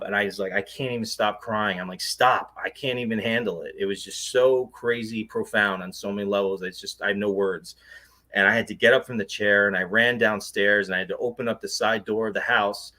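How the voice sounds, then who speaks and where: A man's voice: on the low side, pushed and bright. A man, a guest on an interview show, earnestly recounting a personal experience in a rambling way, full of fillers and restarts. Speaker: guest, paranormal investigator.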